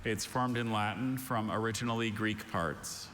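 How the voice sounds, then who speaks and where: Precise, low-voiced man in a reverberant hall. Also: steady tone, a bit bright, slight background noise. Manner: measured, precise enunciation. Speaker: pronouncer at a spelling bee. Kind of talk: formal word pronouncing and reading definitions. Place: large event hall.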